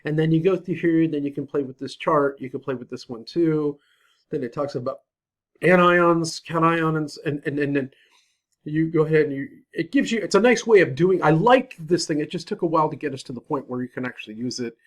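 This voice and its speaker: A man's voice: fairly high pitch, a little fast. Man casually walking students through a website. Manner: casual, self-deprecating, talks to himself while clicking. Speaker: chemistry teacher. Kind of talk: screen-recorded software walkthrough.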